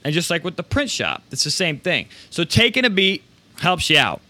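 A man hosting a live show, giving casual, energetic motivational talk about running a print business, with rambling restarts and some swearing. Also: on the high side, moderate pace.

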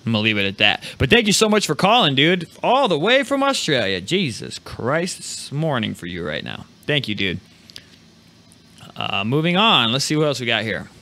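A man hosting a live video podcast, talking loosely and excitedly, swearing freely. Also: mid-range voice, normal speed. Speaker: podcast host. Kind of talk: casual live podcast chat.

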